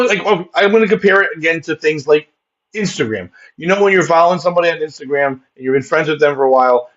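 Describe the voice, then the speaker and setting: A man with a fairly high speaking pitch rambles through a profane comedy bit as podcast host, laughing as he goes. The sound is dull and lo-fi. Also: fairly bright tone. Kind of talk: casual comedic chat.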